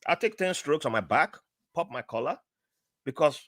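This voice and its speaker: Animated Nigerian man telling stories. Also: moderate pace, no echo, clean studio sound. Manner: animated, acts out quoted voices with big pitch jumps. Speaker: podcast guest. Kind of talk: casual conversational storytelling.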